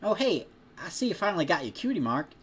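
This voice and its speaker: A bright, friendly young farm woman hands out apples with easy teasing warmth, as a man reads her lines aloud. The voice is pushed high and loud above the reader's own. It is a storybook read-aloud with faint background noise. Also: sing-song, fast. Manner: raised, perky delivery without the intended twang.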